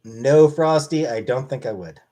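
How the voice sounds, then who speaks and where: A man's voice: mid-range voice, a little slow, dark tone. A man casually answering questions from his live-stream chat in a blunt, offhand way.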